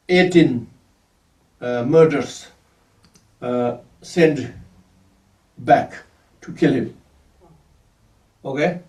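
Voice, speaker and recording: A man whose first language is Tibetan, giving a Buddhist teaching in halting English and often stopping to search for words. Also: mid-range voice, darkish tone, reverberant, recorded from a distance. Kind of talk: dharma teaching.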